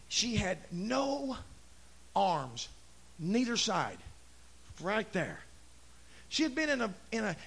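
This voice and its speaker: A man preaching a Pentecostal revival sermon, shouting in rising bursts. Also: high-pitched, gravelly. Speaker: pastor.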